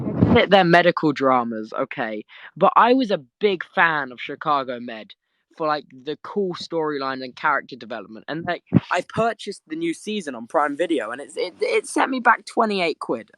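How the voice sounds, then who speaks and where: A young Englishman, worn out from little sleep, hosts a live audio stream from his bed at home, chatting casually. He rambles through a story, laughing and restarting his sentences, in a voice that's a little high and a bit bright, captured on a dry, clean studio-sounding recording.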